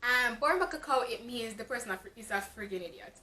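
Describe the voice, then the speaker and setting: A woman's voice: fairly high pitch, fairly quick, pushed and bright. A woman from Jamaica with a Jamaican accent, giving a frank, exasperated casual book review with lots of fillers. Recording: echoey room.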